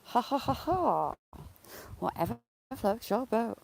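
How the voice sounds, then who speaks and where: A woman's voice: a little high, sing-song, takes it slowly, creaky, a little mellow, low-quality recording. A woman live-streaming on a phone while walking beside a lake, chatting and making teasing, sarcastic remarks. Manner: chatty and teasingly sarcastic, greeting viewers by name. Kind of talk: casual live-stream chat.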